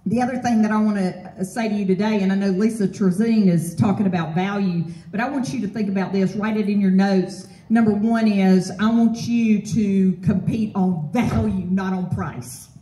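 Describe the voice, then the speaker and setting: A woman giving a motivational property management seminar, energetic, often posing fill-in-the-blank questions to the audience. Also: medium pitch, normal speed. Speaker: property management trainer and speaker. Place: event hall with an audience. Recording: roomy hall, voice from far off.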